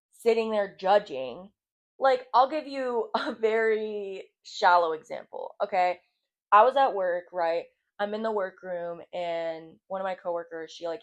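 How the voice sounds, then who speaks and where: A young woman hosting a solo podcast, talking candidly and casually, swearing freely and saying "like" a lot. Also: medium pitch. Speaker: podcast host.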